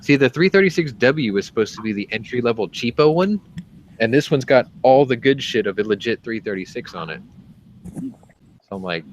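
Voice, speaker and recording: A man's voice: mid-range voice, expressive, brisk, slight background noise, low-quality recording. A man telling a story casually and animatedly, swearing freely and trailing into fillers.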